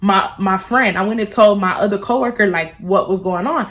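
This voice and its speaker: A woman in her twenties telling a storytime vlog, animated and full of profanity as she gossips. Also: mid-range voice, moderate pace. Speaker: beauty vlogger.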